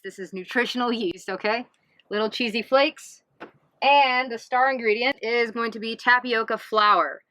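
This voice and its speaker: Upbeat woman chef with a bright voice. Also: mid-range voice, no room sound, low-quality recording. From US East Coast. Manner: upbeat, enthusiastic, chatty. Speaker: host, plant-based chef. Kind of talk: casual cooking vlog.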